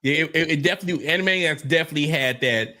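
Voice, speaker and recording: A man's voice: on the high side, very fast, bright, forceful tone. Loose, profane male podcast host. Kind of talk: casual chat.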